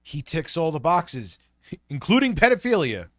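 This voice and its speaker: A man's voice: fairly high pitch, sing-song, a little slow, no echo, studio quality. A man making sarcastic, profane interjections during casual stream commentary. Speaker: stream co-host.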